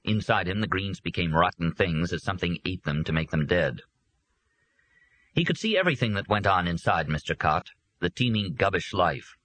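A man reading a novel aloud as a narrator, with a steady, measured delivery. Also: deep voice, no room sound. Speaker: audiobook narrator. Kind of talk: scripted narration.

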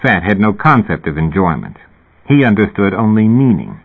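Husky-voiced man narrating a novel. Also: fairly low pitch, huge pitch swings, normal speed. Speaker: audiobook narrator. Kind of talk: scripted narration. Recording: tinny phone-like recording.

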